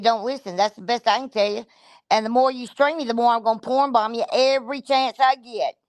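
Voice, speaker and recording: A woman's voice: fairly high pitch, no room sound. Blunt, profane woman with a drawl. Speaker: streamer. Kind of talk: ranting livestream commentary.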